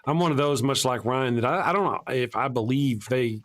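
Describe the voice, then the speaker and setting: A man hosting a relaxed livestream talk show at a middle pitch, easygoing and chatty. He laughs often as he reads viewer messages aloud and riffs with his co-host. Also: brisk. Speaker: podcast host. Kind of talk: casual livestream chat.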